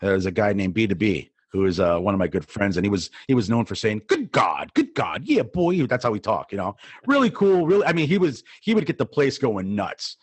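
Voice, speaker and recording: A man's voice: on the low side, animated, brisk, few pauses, slightly rough, no echo. A middle-aged man from New Jersey, co-hosting a podcast and telling a rambling story full of fillers and restarts. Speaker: podcast co-host, DJ. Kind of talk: casual storytelling.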